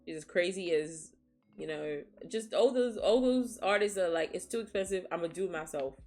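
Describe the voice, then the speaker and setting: Low-voiced woman streamer, frank and profane. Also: moderate pace, a little mellow, soft background music. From Nigeria. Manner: frank, swears freely, laughs often while reading chat. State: sniffling after crying. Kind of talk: casual chat.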